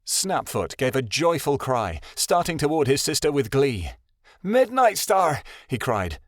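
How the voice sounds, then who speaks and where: A man narrates a fantasy audiobook in a steady, even storytelling read. His voice sits at a middling pitch for a man. The recording is dry and close, with no room around it. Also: normal speed, no echo.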